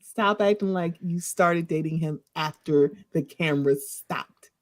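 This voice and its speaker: A woman, a podcast guest in casual gossip chat, animated and often acting out quoted reactions with laughter. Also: deep voice, unhurried.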